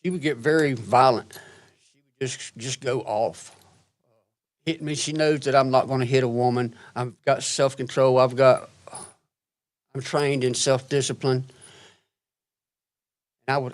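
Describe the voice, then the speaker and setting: A man testifies on the stand. His pitch sits in the ordinary middle range for a man. He talks plainly and haltingly, with restarts, walking through what happened one step at a time. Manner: plain-spoken, halting, recounting events step by step. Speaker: witness testifying in court. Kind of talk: courtroom testimony. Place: courtroom.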